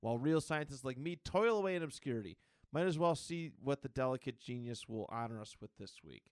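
A man's voice: mid-range voice, lively intonation, fairly quick, darkish tone, dry recording, clean studio sound, lightly acted. A bitter jealous scientist, as a man puts him on. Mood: sneering. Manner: sneering, indignant.

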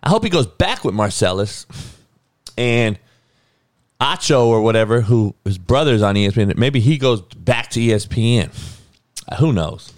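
A man's voice: mid-range voice, expressive, normal speed, pauses often, no echo, studio quality. A man hosting his own podcast, ranting bluntly and profanely in a heated, casual way. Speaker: podcast host. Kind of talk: casual opinion rant.

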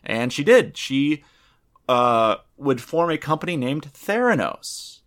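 A man's voice: fairly high pitch, big pitch swings, slow, a bit bright. A man hosting a casual podcast chat, rambling with many fillers and restarts. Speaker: podcast host presenting the topic.

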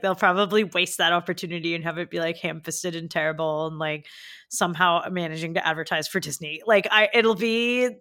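A woman with a bright, forward tone talks through a film in casual podcast chat. She rambles and circles back, leaning on fillers and second thoughts. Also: on the low side. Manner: rambling, many "like" fillers, frequent laughter. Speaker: podcast co-host. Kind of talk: casual movie review chat.

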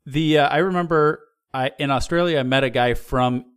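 A man's voice: medium pitch, normal speed, clear, resonant tone. A man hosting a casual comedy podcast, rambling and joking with his co-hosts, often using filler words. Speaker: podcast host.

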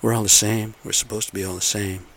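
Middle-aged man, very low voice, blunt aggrieved rambling monologue to camera. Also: level tone, fast talker, creaky, fairly bright tone, a little hiss or hum. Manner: aggrieved, blunt, repetitive ranting.

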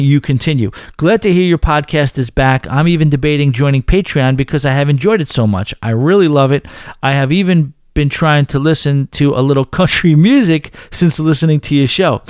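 A man's voice: medium pitch, clear, resonant tone, no room sound, clean studio sound. A man with a Northern New York accent hosting a podcast, chatting casually and reading listener emails with frequent asides. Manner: chatty, self-deprecating, interrupts emails with asides. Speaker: podcast host.

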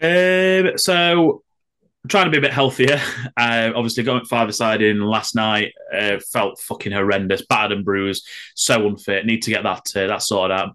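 Bright-voiced jokey man. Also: lowish voice, steady tone, normal speed. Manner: jokey, self-mocking, swears casually. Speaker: podcast co-host. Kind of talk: casual sports podcast chat.

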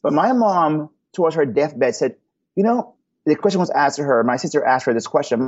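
A man speaks in an earnest, almost preacherly way as a podcast guest, telling personal stories. His voice is husky. The audio is muffled and lo-fi. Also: fairly high pitch, moderate pace, a little mellow. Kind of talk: podcast interview answers.

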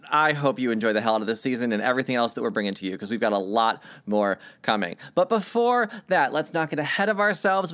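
Animated man hosting a tabletop podcast. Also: medium pitch. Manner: animated, chatty. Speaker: podcast host and game master. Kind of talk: casual podcast talk and game mastering.

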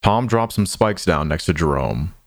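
A man narrating an audio drama with a low, deep voice. His delivery is measured and somber, taking his time over each line. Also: animated.

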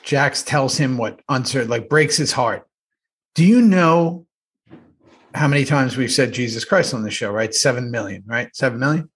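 A man's voice: medium pitch, normal speed. A man, an actor co-hosting a podcast, telling behind-the-scenes stories with lots of swearing and animation. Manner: profane, animated storyteller. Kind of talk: casual rewatch chat.

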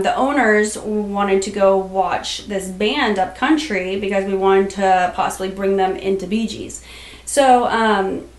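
A woman, a podcast guest, telling a personal story in a blunt, casual way, swearing freely and filling her talk with "like" and "um". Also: medium pitch. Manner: blunt, swears freely, rapid with many fillers. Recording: roomy echoey room.

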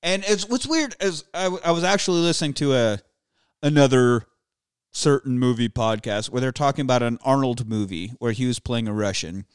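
A man's voice: mid-range voice, a little fast, smooth, dry recording, clean studio sound. A man co-hosting a casual movie podcast, joking and cursing as he rambles through a film. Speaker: podcast co-host.

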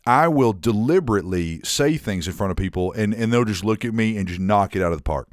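A young man telling stories on a podcast, swearing freely and animated. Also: lowish voice, fairly quick, no echo, studio quality. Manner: profane, animated storyteller. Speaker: podcast host. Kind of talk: casual podcast chat. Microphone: studio mic.

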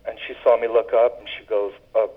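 This caller, a Southern US man who used to be a flight attendant, talks fast in a low, flat voice as he tells casual, rambling stories full of ums and uhs. The call comes through a telephone and sounds tinny.

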